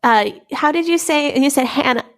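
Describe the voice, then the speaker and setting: A young woman co-hosting a podcast, talking in a relaxed, informal way and laughing easily. Her voice sits fairly high for a woman. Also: moderate pace, noisy background. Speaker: podcast co-host. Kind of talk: casual chat.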